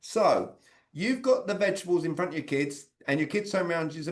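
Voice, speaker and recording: Higher-voiced man coaching over a video call. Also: fairly quick. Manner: conversational, quizzing his audience by name. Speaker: sales communication coach. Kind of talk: interactive online training talk.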